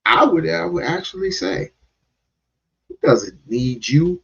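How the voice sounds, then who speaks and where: A man's voice: on the high side, animated, slow pace, gravelly, long pauses, fairly bright tone, husky. Heated, profane man on a muffled recording. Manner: confrontational, profane, repeats himself. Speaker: commentator reacting to a clip. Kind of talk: heated reaction commentary.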